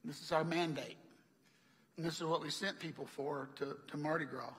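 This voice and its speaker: A man's voice: on the high side, steady tone, moderate pace, a bit bright, in a large hall. A man preaching a sermon, a chatty storyteller who laughs often and acts out the people he quotes. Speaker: pastor. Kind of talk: sermon with personal stories. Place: church hall.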